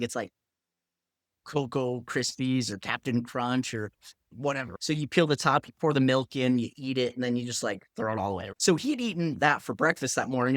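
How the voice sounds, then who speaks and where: Animated storytelling man, dry sound. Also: mid-range voice, dry recording. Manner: animated, acts out others' lines, lots of "like". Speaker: pharmacist. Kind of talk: casual storytelling.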